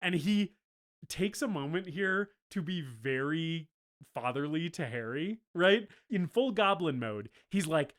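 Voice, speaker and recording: A man's voice: fairly high pitch, animated, measured pace. A man co-hosting a movie podcast, talking casually and acting out scenes from the film in voices. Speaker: podcast co-host. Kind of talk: casual movie review chat.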